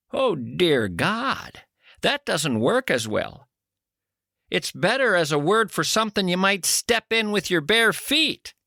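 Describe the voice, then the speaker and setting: Male talk host, high voice with gravelly fry, wry comedic monologue, close dry sound. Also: pushed and bright, dry recording. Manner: wry, musing, mock-serious storytelling. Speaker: radio talk show host.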